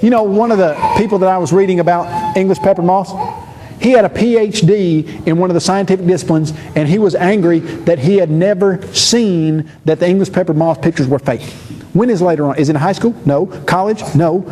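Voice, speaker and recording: A man giving an animated church seminar lecture, acting out quoted speakers with quick shifts of voice. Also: slight background noise. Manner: lively, acts out quoted speakers with shifting pitch.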